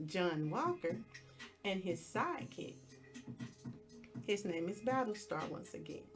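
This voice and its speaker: Slow-talking, chatty woman podcast host. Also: on the low side. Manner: chatty and expressive, with playful asides. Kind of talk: casual TV episode recap.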